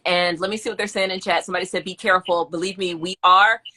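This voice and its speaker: A woman's voice: lowish voice, steady tone, quick pace, crowd noise. A woman from Mississippi, co-hosting a casual live-stream talk show from her home, chatty and laughing often as she reads out viewer comments. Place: home in the country.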